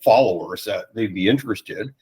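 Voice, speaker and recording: A man's voice: fairly low pitch, normal speed, breathy edge, poor audio. A man, a podcast guest telling stories in casual chat and acting out other people's lines. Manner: animated anecdotes with quoted voices.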